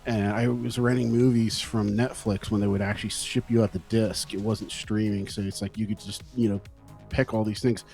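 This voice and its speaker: A man's voice: lowish voice, little pitch movement, normal speed, gravelly, warm tone, faint music behind. A man from California, a guest musician in a casual interview, who tells laid-back stories, swears freely and acts out his own past thoughts.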